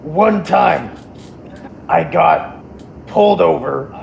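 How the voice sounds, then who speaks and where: A man's voice: fairly high pitch, drawn-out words, gravelly, slight background noise. A man telling a rambling comic anecdote in a casual chat, laughing as he goes. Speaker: comedy podcast co-host. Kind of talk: casual comedic storytelling.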